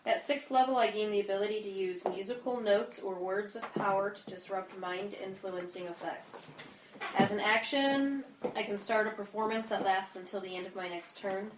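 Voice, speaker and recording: A woman's voice: mid-range voice, moderate pace, noisy background. A woman playing a tabletop game, reading her ability rules aloud. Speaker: player. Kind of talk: casual tabletop game chat. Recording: roomy room echo.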